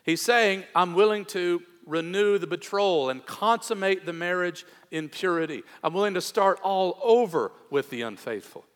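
A man preaching a sermon as pastor, earnest, moving between hushed tender passages and raised emphatic ones. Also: high-pitched, animated, normal speed, few pauses. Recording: long hall reverb.

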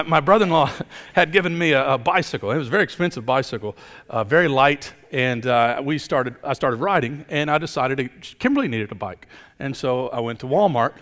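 Preaching man in a reverberant hall. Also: fairly bright tone. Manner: emphatic preaching, building up and then dropping low. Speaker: pastor. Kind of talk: sermon.

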